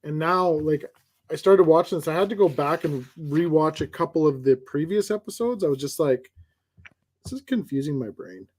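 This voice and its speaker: Mellow-voiced teasing man. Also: fairly high pitch, moderate pace. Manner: teasing, joking. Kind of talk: casual chat.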